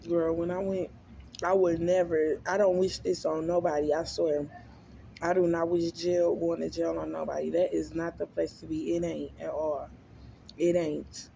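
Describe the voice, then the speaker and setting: A woman's voice: low voice, level tone, moderate pace, creaky, dark tone, a little hiss or hum. A woman vlogger chatting casually to her viewers between bites, humming and smacking as she eats. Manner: talks between bites, with lip smacking and hums. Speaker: mukbang vlogger. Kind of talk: casual eating vlog chat.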